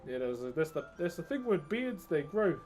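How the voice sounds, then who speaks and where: Brisk and very animated, a man with a slightly high, somewhat mellow voice chats with his live-stream audience as soft music plays. His manner is relaxed and playful, full of jokey anecdotes and frequent laughter.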